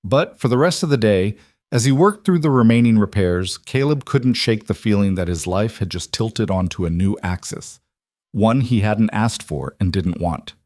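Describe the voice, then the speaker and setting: A man giving a steady, scripted narration of a story. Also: lowish voice, normal speed, dry recording, clean studio sound.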